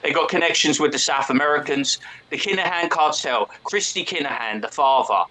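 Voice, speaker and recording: A man's voice: on the high side, brisk, bright, forceful tone, rough recording. A man, hosting a stream and talking in a brash, boastful, swearing way. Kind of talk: casual banter.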